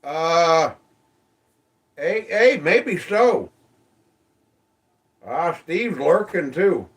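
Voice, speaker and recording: A man chats through a livestream at a slow, easygoing pace, calling out viewers by name. His voice sits a little high. He sounds a bit off-mic, as if the phone is set down in front of him. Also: very animated, a bit bright, distant mic. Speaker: livestream host. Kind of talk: casual livestream chat reading comments.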